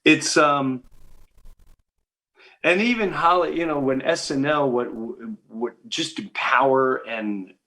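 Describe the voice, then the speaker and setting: A middle-aged man, a comedian guest, telling stories in a podcast interview and acting out the people he quotes with big pitch jumps. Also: slow, pushed and bright.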